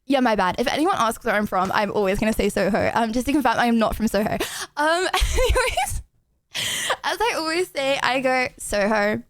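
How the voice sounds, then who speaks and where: Woman streamer, young, high voice, giggly rambling chat, close dry mic. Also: sing-song, moderate pace, no echo. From England. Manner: giggly, rambling, self-deprecating. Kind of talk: casual chat to a live stream audience.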